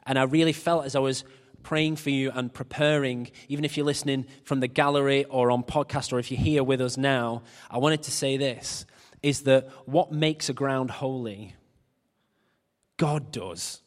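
Animated preacher, big hall. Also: male voice, mid-range voice, moderate pace. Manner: animated, building to shouted exhortation. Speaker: pastor. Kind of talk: sermon. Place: large church auditorium. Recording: long hall reverb.

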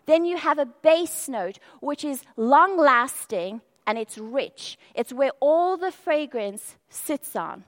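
A woman's voice: high voice, animated, slow, hardly any pauses. A woman preaching a sermon, telling the story with feeling and acting out the quoted voices. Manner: storytelling, acts out quoted speech with rising intensity. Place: perfume lamp demonstration at the start.

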